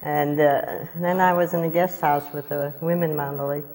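A woman's voice: fairly even intonation, normal speed, a little mellow. An older woman telling personal memories to a gathering, laughing often and acting out what was said in a raised voice. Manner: laughs often, acts out quoted lines in a high voice. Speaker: family member recounting memories. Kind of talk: casual storytelling to a group. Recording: long hall reverb.

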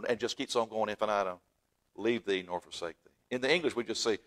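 A man preaching a fervent sermon in a church, swinging from loud exclaiming to hushed asides. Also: mid-range voice, animated, fast. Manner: fervent, swings from shouting to near-whisper. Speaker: pastor. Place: church sanctuary.

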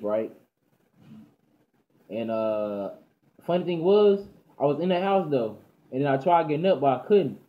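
A teenage boy from Texas telling a story in animated, slangy chat, often stammering and repeating himself. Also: mid-range voice. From Dallas, Texas. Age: teens. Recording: dull lo-fi audio.

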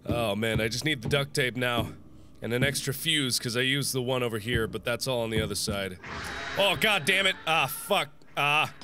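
A young man playing a horror game and commenting, sick and nauseous, swinging between shrieked curses and low, worn-out muttering. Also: normal speed. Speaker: gaming YouTuber. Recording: game music behind.

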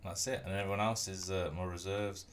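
A man's voice: sits low, brisk, a little hiss or hum. A man casually talking through a rugby video game on his stream, rambling and humming to himself. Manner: relaxed, rambling, hums to himself. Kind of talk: casual gameplay commentary.

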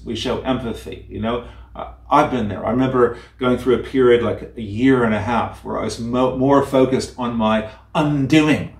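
A man preaches in an earnest, heartfelt way, pausing and restarting as he goes and reading a story aloud. His voice sits at an ordinary pitch, heard roomy and from some distance off the mic. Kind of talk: sermon with a story read aloud.

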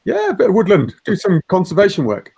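A man's voice: high voice, huge pitch swings, quick pace, gravelly, a little mellow, slightly rough, no room sound. A man co-hosting a podcast in casual chat, easygoing and hesitant, with many ums. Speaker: podcast co-host.

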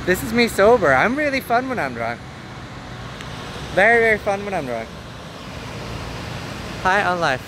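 A man's voice: high voice, very animated, unhurried, pauses often. A young Northern Irish man chatting in a goofy, rambling way while streaming live from city streets. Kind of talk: casual outdoor live stream. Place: outdoors on busy city streets. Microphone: handheld camera filming himself. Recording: street traffic noise behind.

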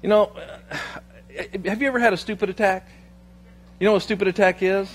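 High, husky-voiced male pastor. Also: steady tone, normal speed. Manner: humorous, self-deprecating storytelling. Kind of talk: sermon. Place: church.

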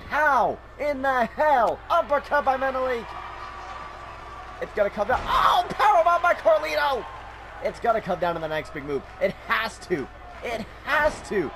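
A man hosts and commentates on a wrestling video game, excitable and quick to shout. His voice sits very high. A roaring game crowd and noise run underneath. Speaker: channel host and commentator.

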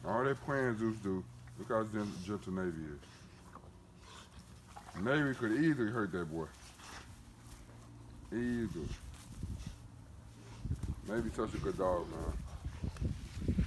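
A man's voice: on the low side, moderate pace, long pauses. A man vlogging casually about his dogs and thanking his viewers, in loose, profane street talk. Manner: talks to his dogs between remarks to viewers. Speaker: dog breeder vlogger. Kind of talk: casual vlog chat. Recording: noisy home recording with dogs around.

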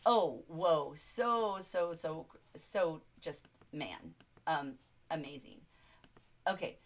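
A woman's voice: deep voice, expressive, very slow. Enthusiastic woman teaching a literature livestream. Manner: enthusiastic, chatty, reads quotes aloud and reacts to chat. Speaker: English teacher.

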